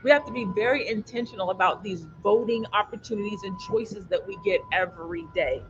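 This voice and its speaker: Male panel host, high voice, slight lisp from aligners, earnest, dull lo-fi livestream audio. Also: fairly quick, noisy background. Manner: earnest, stumbling over words.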